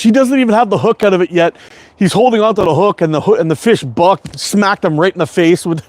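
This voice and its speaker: A man's voice: high-pitched, normal speed, a little mellow, no echo. A middle-aged man from Canada rambling through a casual livestream chat, swearing freely and laughing often. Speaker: slingshot livestream host.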